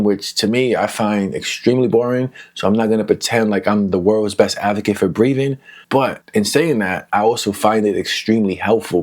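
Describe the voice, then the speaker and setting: A middle-aged man with a New York accent, explaining trauma recovery in a candid, rambling monologue and keeping his voice low and mumbly in the early morning. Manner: candid, self-deprecating, rambling asides. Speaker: mental health video host. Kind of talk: casual educational monologue.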